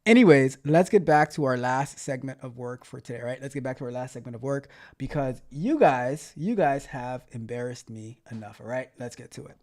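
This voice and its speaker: A man hosts a casual livestream and reads out viewer comments. He is playful and likes to repeat himself. His voice sits at a middle pitch. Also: moderate pace, few pauses, darkish tone. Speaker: livestream host and tech coach.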